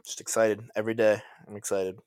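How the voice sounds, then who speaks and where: A man in his early twenties chatting casually on a podcast, telling stories in a laid-back way with quick asides. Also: fairly low pitch, level tone, a little mellow, clear, resonant tone, dry recording, clean studio sound. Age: 20s. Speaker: podcast co-host. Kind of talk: casual chat.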